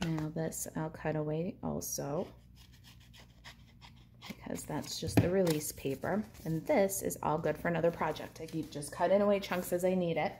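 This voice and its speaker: A woman with a low voice and fairly even intonation walks through a papercraft project at normal speed, cheerfully chatting about each step as she works. Background noise is audible.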